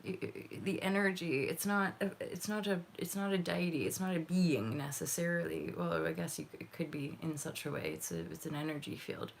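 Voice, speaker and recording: A woman's voice: sits low, a little fast, creaky, few pauses, slight background noise. A young woman from Canada giving a casual tarot reading, rambling, swearing and laughing as she goes. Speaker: intuitive tarot reader. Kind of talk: casual livestream reading and chat.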